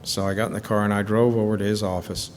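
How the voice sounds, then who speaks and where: A middle-aged man from Georgia giving an earnest, halting personal testimony at a recovery retreat, repeating words when moved. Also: little pitch movement. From Stockbridge, Georgia, USA. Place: retreat hall. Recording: archival hall recording with long reverb and faint rumble.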